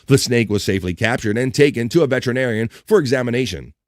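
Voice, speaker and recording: A man hosts a laid-back live stream, cracking jokes as he reads out news articles and viewer comments. His voice sits at a mid pitch and the sound is dry and close, with no room echo. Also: fast talker. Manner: joking, reads chat comments and articles aloud, laughs often. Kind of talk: casual joking chat and reading news aloud.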